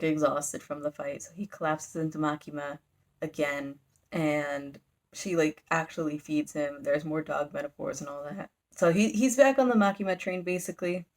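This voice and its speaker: A woman's voice: low voice, steady tone, moderate pace. Chatty young woman rambling through a recap. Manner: rambling and chatty, full of "like" fillers; briefly dramatizes character lines mid-story. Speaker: YouTuber reviewing manga. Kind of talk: casual manga recap.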